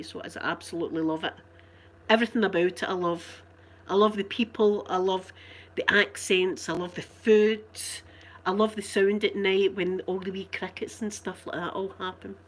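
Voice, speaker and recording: A woman with a broad Glasgow accent chats casually with her live-stream viewers. She rambles from point to point and breaks into laughter often, at an ordinary pitch for a woman. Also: a bit bright. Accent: Scottish, Glasgow.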